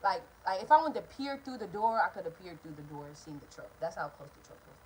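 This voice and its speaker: A woman in her twenties telling a profane, animated storytime to camera from home. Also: on the low side, fast, slight background noise, poor audio. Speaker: vlogger. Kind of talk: storytime vlog. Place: at home indoors.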